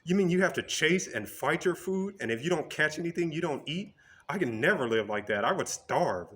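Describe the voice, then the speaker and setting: A man's voice: mid-range voice, lively intonation, quick pace, fairly bright tone, natural voice. A man voicing a nervous, pampered male zoo lion who talks in a panicky, stammering way. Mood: panicked.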